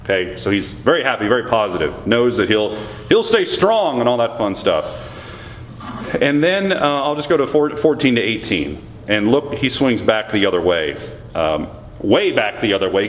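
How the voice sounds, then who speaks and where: A man's voice: fairly low pitch, big pitch swings, normal speed, echoey room, a little hiss or hum. A man leading a Bible study, reading scripture aloud and explaining it conversationally, with questions to his listeners. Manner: conversational, asks the audience questions, reads scripture with rising emphasis.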